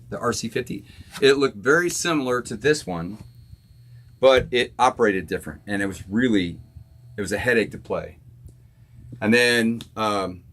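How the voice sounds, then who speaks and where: A Florida musician hosts a live stream from his home studio, chatting casually with viewers in a laid-back way and laughing easily. His voice is mid-range with a fairly bright tone.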